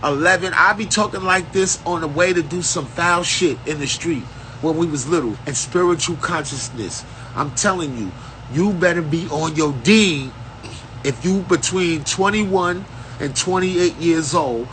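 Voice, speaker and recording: A man's voice: fairly high pitch, measured pace, a bit bright, slight background noise, poor audio. A man giving an unscripted spiritual rant, lecturing in street slang with a profane, preachy manner. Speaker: self-styled spiritual teacher.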